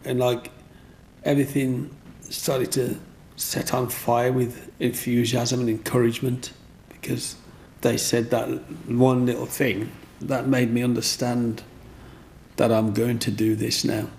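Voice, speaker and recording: Gravelly-voiced man, rambling. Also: mid-range voice, flat delivery, unhurried, darkish tone, slight background noise. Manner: rambling, repeats himself, often says "you know what I mean". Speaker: interviewee. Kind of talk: storytelling in an interview.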